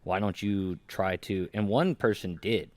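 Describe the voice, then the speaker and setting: A man's voice: low-pitched, unhurried, darkish tone, no echo. A man in a casual podcast chat, earnest and defensive, making his case about online honor. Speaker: podcast co-host.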